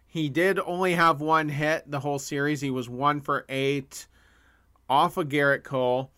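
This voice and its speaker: A male podcast co-host with a somewhat high voice. His tone is bright and crisp. He talks plainly and evenly. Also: steady tone, a little slow. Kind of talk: casual sports talk.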